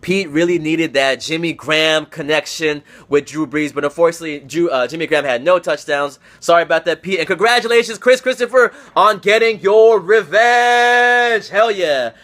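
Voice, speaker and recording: A young man with a high voice runs through his fantasy football league's results indoors on camera. He talks fast and loose, swears freely, and needles his friends, repeating phrases over and over for emphasis. His tone is bright. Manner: profane, excitable, teasing league friends. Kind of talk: casual recap monologue.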